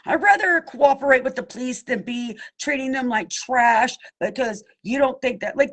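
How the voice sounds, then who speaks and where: Husky-voiced woman making an impassioned plea. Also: on the high side. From Pennsylvania. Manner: impassioned, blunt, cusses, addresses listeners directly. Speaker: abuse survivor seeking justice. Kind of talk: direct-to-camera plea.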